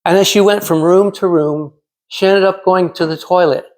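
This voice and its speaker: A man in his sixties from California giving a prepared storytelling speech in a measured, dramatic way with pauses. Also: high-pitched, steady tone, darkish tone. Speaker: club speaker.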